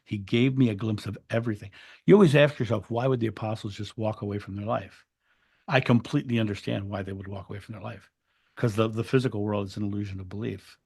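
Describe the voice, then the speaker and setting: Low gravelly-voiced man, earnest. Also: fairly even intonation, fast, darkish tone. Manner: earnest, reflective, repeats words as he restarts. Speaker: interview guest. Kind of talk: spiritual storytelling in an interview.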